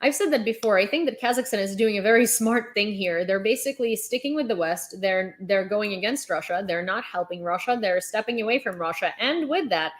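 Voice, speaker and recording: A woman's voice: mid-range voice, animated, a little fast, hardly any pauses. A young adult woman livestreaming casual commentary on the news. She talks in a chatty, sarcastic way, with lots of fillers and restarts.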